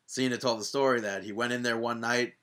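A man co-hosting a podcast, chatting casually and telling stories with lively, acted-out quotes. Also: medium pitch, brisk. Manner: animated storyteller, acts out quoted voices. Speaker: podcast co-host. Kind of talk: casual wrestling chat.

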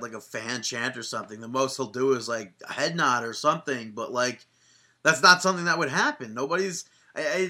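A man's voice: medium pitch, pushed and bright. A man co-hosting a wrestling podcast in a loose, joking way, cursing freely and trailing off mid-thought. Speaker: podcast co-host. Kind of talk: casual podcast chat.

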